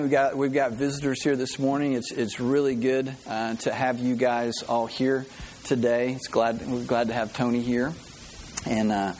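A man's voice: mid-range voice, a little hiss or hum. A man preaching a sermon as pastor, a folksy, joking storyteller who greets visitors and tells a funny story before his message.

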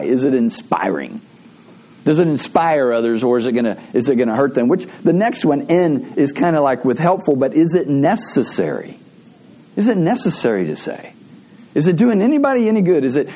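Conversational male preacher, husky mellow voice. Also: a little high. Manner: conversational, repetitive, rhetorical questions. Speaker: pastor. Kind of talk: sermon.

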